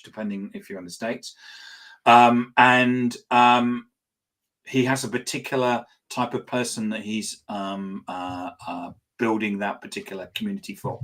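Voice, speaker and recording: A man hosting an interview, introducing his guest in a halting way with repeated words and restarts. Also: medium pitch, fairly bright tone. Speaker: host. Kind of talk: casual interview chat.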